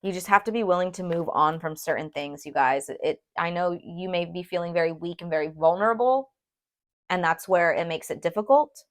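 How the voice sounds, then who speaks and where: A woman's voice: lowish voice, brisk. Chatty woman doing a tarot reading. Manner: chatty and animated, addresses viewers as "you guys", frequent "okay?". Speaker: tarot reader. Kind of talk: casual tarot reading to camera.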